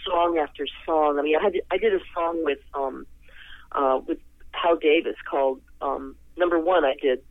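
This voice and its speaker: A man guest talking on the phone, telling a long story in a rambling, animated way. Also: no echo. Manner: animated, rambling, jumps to high pitch in quoted reactions. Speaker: interview guest, singer. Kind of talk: casual storytelling. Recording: tinny phone line.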